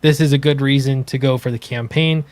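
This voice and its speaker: A man who makes comics, co-hosting a casual livestream, easygoing and halting, with many fillers. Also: mid-range voice, steady tone, clear, resonant tone, no room sound. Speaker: comics creator and co-host.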